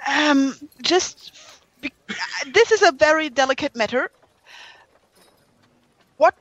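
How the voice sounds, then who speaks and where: A woman playing her dwarf character at the table asks careful, halting questions in a clearly high voice. The sound is dry and close, with no room around it. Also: lively intonation, a bit bright, no echo, rough recording. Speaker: player.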